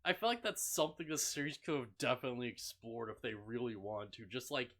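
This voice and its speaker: A man's voice: mid-range voice, fast, a bit bright. A young man co-hosting a casual podcast, rambling with lots of fillers and laughing often as he recaps an anime. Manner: rambling, laughs often, many "like" fillers, mock voices for characters. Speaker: podcast co-host.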